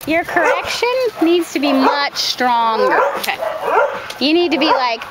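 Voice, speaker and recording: A woman dog trainer giving a hands-on coaching demonstration outdoors, calm when she explains and brisk when she gives instructions. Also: high-pitched. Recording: camera audio with loud background noise.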